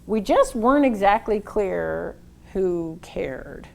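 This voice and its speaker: A woman giving a marketing workshop talk, telling a lively, blunt story and acting out the dialogue. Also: mid-range voice, slow pace, gravelly. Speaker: workshop speaker.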